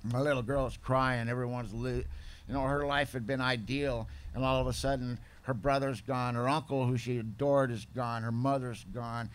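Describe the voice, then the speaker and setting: A man with a middle-pitched voice tells his own story in a plain-spoken, confessional way. He speaks as a recovery-meeting speaker, candid and direct. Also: little pitch movement, moderate pace, clean tone. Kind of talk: personal testimony storytelling.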